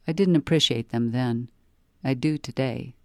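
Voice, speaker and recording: A reader calmly delivering a wry first-person novel excerpt for a library promotion. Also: medium pitch, normal speed, dry recording, studio quality. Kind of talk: scripted first-person audiobook-style reading.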